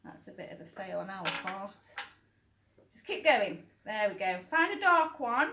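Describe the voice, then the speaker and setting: A woman's voice: mid-range voice, big pitch swings, measured pace, noisy background. A woman hosts a live kids' cooking and craft session. She talks in a chatty, encouraging way, calls out the children by name and pokes fun at her own drawing. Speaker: children's cooking class host. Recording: echoey room on a live stream.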